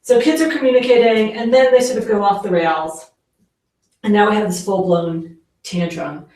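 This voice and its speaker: This woman's voice is medium-pitched and a little mellow, at a normal speed, as she gives a relaxed workshop talk to parents as a parenting educator. Her delivery is chatty and full of fillers, and she performs the lines she quotes. It was recorded with a distant mic in a very echoey room.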